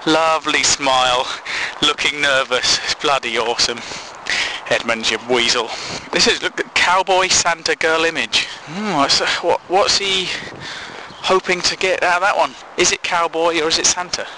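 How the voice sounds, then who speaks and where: A man's voice: fairly high pitch, moderate pace, background noise. A man hosting a casual comic monologue, rambling and laughing at his own sarcastic asides. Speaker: comedy blog host.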